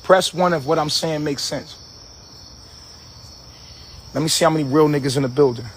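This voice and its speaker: Man ranting, high-voiced and aggressive. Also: normal speed, slight background noise. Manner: aggressive, preachy, repetitive. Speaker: livestream host. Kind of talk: profane livestream rant.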